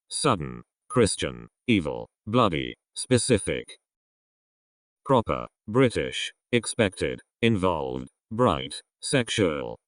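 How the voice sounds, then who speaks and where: Deep, slow male word-list reader. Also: no echo, studio quality. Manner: slow, one word at a time with pauses. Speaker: vocabulary reader. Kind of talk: reading a word list aloud.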